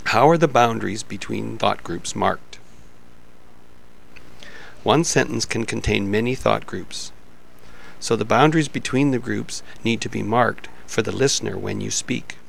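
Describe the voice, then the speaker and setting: Guy reading an english pronunciation lesson, low gravelly voice, measured. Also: a little hiss or hum. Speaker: pronunciation instructor. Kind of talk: scripted lesson narration.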